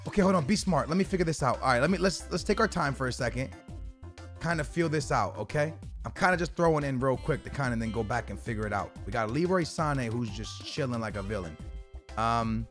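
A young man giving casual, slangy commentary on a video game, bursting into shouts at big moments. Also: a little high, lively intonation, quick pace, soft background music. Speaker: gaming YouTuber.

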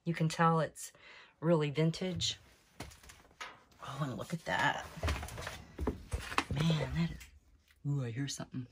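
A woman films herself on a phone as she picks her way through the stifling attic of an abandoned cabin, her voice low and unhurried. She sounds jumpy and keeps exclaiming to her viewers and to the creatures hiding in the dark. A faint hiss sits under the recording. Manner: nervous, exclaiming, talks to camera and animals. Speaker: urban explorer vlogger. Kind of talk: hushed exploring vlog.

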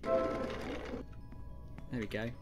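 A man's voice: very slow, soft background music. A young man streaming a game live, chatting with viewers and muttering to himself through puzzles. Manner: chatty, greets viewers, drops to a quiet mutter while solving puzzles. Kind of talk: casual live-stream chat while gaming.

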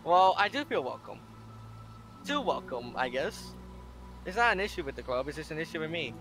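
Bright, higher-pitched read of a timid, self-doubting schoolgirl, as a man reads her lines. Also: big pitch swings, brisk, faint music behind. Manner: hesitant, self-critical reading. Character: shy awkward bookish teen girl. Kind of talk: reading a visual novel aloud.

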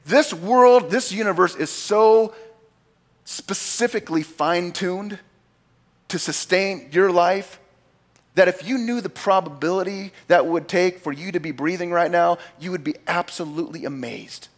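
A man preaching a sermon as pastor, talking casually to his congregation and acting out quoted lines with big jumps in pitch and loudness. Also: unhurried. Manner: animated, acts out God's lines with big swings in pitch and volume; conversational asides to the congregation.

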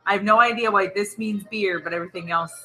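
Bright-voiced woman, casual chat. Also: mid-range voice, fast talker, faint music behind, low-quality recording. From Ireland. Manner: chatty, laughing, teacherly about words. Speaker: co-host. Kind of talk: casual drinking show chat.

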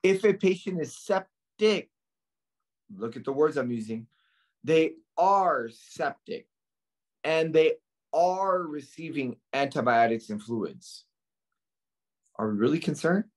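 Emphatic husky-voiced male tutor, slow delivery. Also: fairly high pitch, lively intonation. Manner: emphatic, asks students questions and answers them himself. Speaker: nursing exam tutor. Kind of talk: lecture to students.

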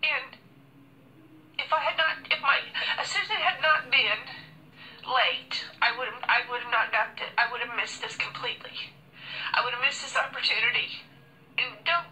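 Woman, a bit high, bright-edged voice, earnest storyteller who quotes dialogue; faint music under her. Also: normal speed, poor audio. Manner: earnest, quoting dialogue with frequent "I said". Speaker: store worker telling a story. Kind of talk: emotional personal story.

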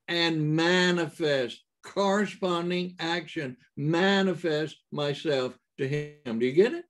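A man preaching a sermon in a halting way, with many fillers and restarts and emphatic rises. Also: a little high.

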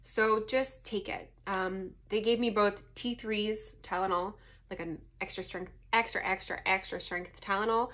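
A woman's voice: mid-range voice, unhurried. A young woman vlogging, telling a personal story casually, laughing often and acting out the people she quotes. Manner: animated, laughing, swearing, acts out quotes.

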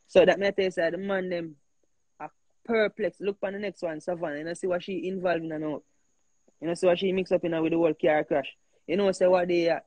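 Jamaican man, fired-up talk, fairly high voice, dry close sound. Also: husky, dry recording, rough recording. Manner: animated, emphatic, repeats himself. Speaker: host. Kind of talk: heated casual talk.

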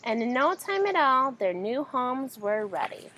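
Animated woman reading a children's story. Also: high voice, measured pace, slight background noise, rough recording. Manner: animated and expressive. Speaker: storybook reader.

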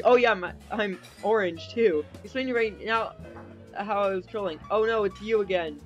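A man's voice: sits high, normal speed, lo-fi sound, soft background music. Giggly young man doing game commentary. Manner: goofy, giggly, reads in-game chat aloud. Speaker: gaming YouTuber.

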